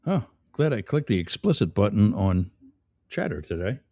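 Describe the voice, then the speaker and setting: A man's voice: fairly low pitch, big pitch swings, moderate pace, warm tone, dry recording, studio quality. A man hosting a live stream, reading chat comments aloud and mocking the commenters sarcastically. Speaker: livestream host.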